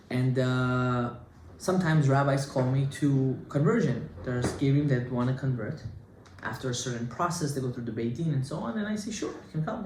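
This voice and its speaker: Animated rabbi teaching in an echoey room. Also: male voice, medium pitch. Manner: animated, conversational, Hebrew terms mixed in. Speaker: rabbi giving a Torah class. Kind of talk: informal Torah class. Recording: echoey room with faint noise.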